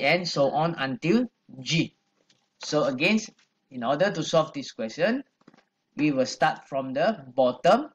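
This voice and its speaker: A male math teacher explains an exercise one step at a time. His voice sits a little high, and he speaks slowly and patiently, repeating each number as he goes. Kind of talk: classroom lesson, working through an exercise.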